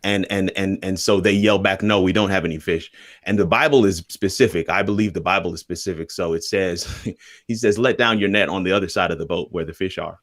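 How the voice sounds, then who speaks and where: A man's voice: sits low, fairly quick, a bit bright, no room sound, clean studio sound. A man on a video call at a live-streamed panel, building a sermon-like point with repeated phrases and a jokey, self-deprecating touch. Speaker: panel guest sharing a faith message.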